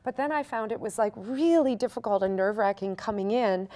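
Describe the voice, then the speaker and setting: Young Canadian actress, chatty and animated, mid-pitched. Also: female voice, a little fast. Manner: animated, chatty, laughs easily. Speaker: musical theatre actor. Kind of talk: casual Q&A chat.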